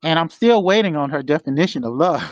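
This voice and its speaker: A man's voice: a little high, expressive, dry recording. Fervent older man on a muffled call. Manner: halting, with many fillers, building to fervent emphasis. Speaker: guest speaker. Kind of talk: motivational exhortation over a call. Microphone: remote call connection.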